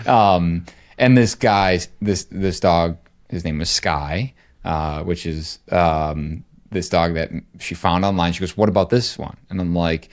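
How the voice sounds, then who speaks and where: A middle-aged man co-hosting a podcast, telling a rambling, animated story in casual chat. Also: low-pitched, a little slow. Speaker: podcast co-host.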